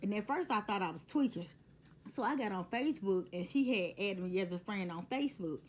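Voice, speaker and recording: Casting note: woman, mid-pitched voice, blunt storytime vlogger who swears often. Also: lively intonation, fairly quick, a little mellow, slight background noise. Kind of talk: casual storytime.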